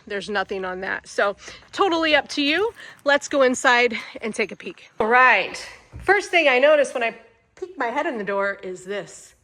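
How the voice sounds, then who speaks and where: A woman's voice: fairly high pitch, fairly bright tone. A woman with a Midwestern American accent giving a chatty, enthusiastic walkthrough of a home, indoors. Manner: chatty and enthusiastic, repeats phrases. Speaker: manufactured home sales host. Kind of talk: casual walkthrough home tour.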